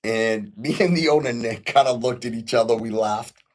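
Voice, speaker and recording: Middle-aged male host with a mid-pitched voice, rambling earnestly through a personal story. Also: normal speed. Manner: earnest, repeats himself, frequent ums and restarts. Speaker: podcast host. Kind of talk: casual storytelling monologue.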